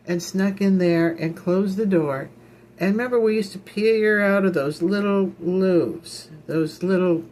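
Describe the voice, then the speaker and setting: A woman's voice: on the low side, mellow. A woman minister from Illinois, giving an informal, rambling ministry talk with folksy asides and repeated phrases. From Illinois, United States.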